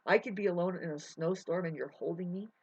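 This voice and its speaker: A woman in a rambling spiritual monologue, emotional and swearing, drifting between soft musing and loud outbursts. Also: on the low side, quick pace, husky. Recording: dull lo-fi audio.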